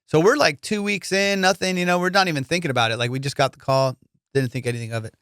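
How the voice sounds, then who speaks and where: A man's voice: a little high, steady tone, fast, fairly bright tone, smooth, no room sound, studio quality. Loose, profane man telling stories. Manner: loose, profane, lots of dude and fillers. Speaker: comedian podcast host. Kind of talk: casual storytelling chat.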